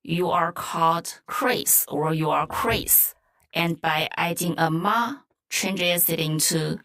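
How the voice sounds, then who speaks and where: A woman's voice: on the low side, fairly bright tone. A woman co-hosting a Mandarin lesson, explaining grammar and saying each example phrase twice. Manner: slow, clear, repeats example phrases. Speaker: Mandarin teacher, co-host. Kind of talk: scripted language lesson.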